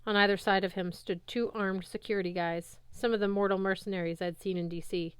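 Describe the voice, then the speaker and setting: A woman reads a novel aloud in a steady, even storytelling way. Her voice is smooth and clear, and the recording is dry and close. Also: mid-range voice, fairly quick, no echo. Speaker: audiobook narrator. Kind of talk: audiobook narration.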